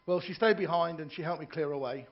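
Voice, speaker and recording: Stand-up comedian on a ship's stage. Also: male voice, fairly high pitch, fast talker, lo-fi sound. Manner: joke-telling with voiced characters and asides to the audience. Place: ship's theatre lounge.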